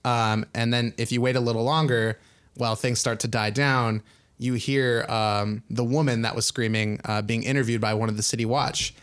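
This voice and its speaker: A man's voice: mid-range voice, little pitch movement, moderate pace, fairly bright tone, clean tone. A young man narrating a tabletop game as game master, loose and rambling with many fillers.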